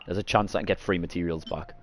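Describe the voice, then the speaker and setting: A low-pitched man talks fast in a steady tone, with faint music behind him. He's a gaming streamer casually walking through a game, rambling, self-correcting, and coughing and clearing his throat a lot because he ate garlic.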